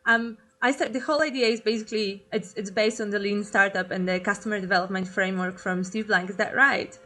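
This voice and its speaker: A woman's voice: mid-range voice, steady tone, fairly quick, pushed and bright. A woman hosting an interview, asking questions with frequent hesitations and restarts. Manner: hesitant, many fillers and restarts. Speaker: interview host. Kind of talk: casual interview.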